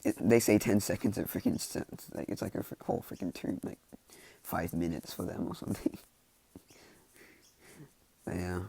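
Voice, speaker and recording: A man's voice: sits low, fairly even intonation, normal speed, long pauses, dark tone, husky. A man casually telling a fan fiction story, rambling and filling every gap with "like" and "you know.".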